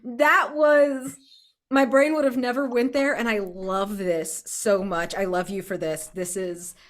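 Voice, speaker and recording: A woman gushing in casual chat after a tabletop game session, excitable and swearing freely. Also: mid-range voice, a little slow.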